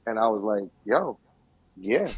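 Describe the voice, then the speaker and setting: A young man co-hosting a podcast in casual chat, telling stories with lively acted-out quotes. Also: lowish voice, measured pace, breathy edge, no room sound, dull audio. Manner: animated storytelling, acts out quotes. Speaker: podcast co-host.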